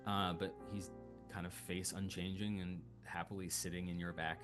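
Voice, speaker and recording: A young man narrating a tabletop game as game master, slow and hesitant with many fillers. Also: low voice, level tone, music in the background.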